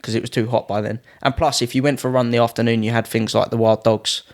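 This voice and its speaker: A man's voice: mid-range voice, fast talker. A young man in his twenties, a podcast guest telling anecdotes in a casual way and acting out other people's lines in a raised voice. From United Kingdom. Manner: lively, acts out quoted people in a raised voice. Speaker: podcast guest, Muay Thai fighter.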